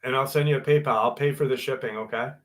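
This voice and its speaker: A man's voice: mid-range voice, fairly even intonation, quick pace. Chatty man signing off a live stream. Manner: loose and chatty, swears and laughs easily. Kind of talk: casual sign-off chat with viewers.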